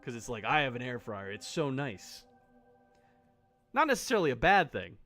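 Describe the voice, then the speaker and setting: A man's voice: medium pitch, sing-song, normal speed, pushed and bright, soft background music. Sarcastic, jokey male streamer. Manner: sarcastic, jokey, swears often. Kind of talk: casual live-stream commentary.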